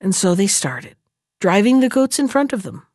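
Expressive woman reading a storybook. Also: mid-range voice, normal speed, dry recording, studio quality. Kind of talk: storybook read-aloud narration.

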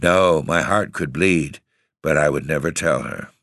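Deep-voiced man reading a story. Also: a bit bright, dry recording, clean studio sound. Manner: measured, formal, old-fashioned phrasing. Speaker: audiobook narrator. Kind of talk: scripted narration.

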